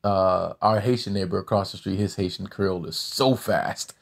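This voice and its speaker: A man hosting a podcast, interviewing his mother in a relaxed, easygoing casual conversation, with frequent laughter. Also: low voice, normal speed, gravelly. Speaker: podcast host, guest's son.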